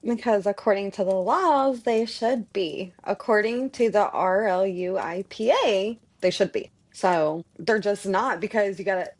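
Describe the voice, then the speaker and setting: A woman's voice: mid-range voice, a little slow, few pauses. A woman co-hosting a casual podcast, speaking in brief, matter-of-fact replies. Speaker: podcast co-host.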